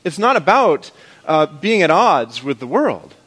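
A man's voice: on the high side, sing-song, measured pace, fairly bright tone, husky. A man as pastor, preaching to his congregation in a conversational, playful way. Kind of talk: sermon.

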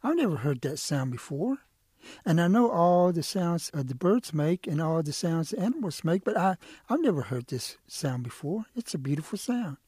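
A man's voice: fairly high pitch, very animated, moderate pace, darkish tone, breathy edge, no echo, clean studio sound. A man voicing an eager, sly male quail in a told animal story, talking in a pleading, wheedling way. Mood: excited.

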